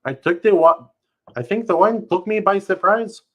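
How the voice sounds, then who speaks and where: A man's voice: sits high, moderate pace, a bit bright, pitched above the performer's own voice. A man voicing an apologetic, flustered young man during a live book reading.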